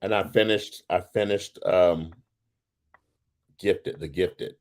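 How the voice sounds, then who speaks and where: A man co-hosting a casual chat show, talking loosely and swearing, jumping up into a high voice when he retells his own reactions. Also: steady tone, takes it slowly. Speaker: co-host.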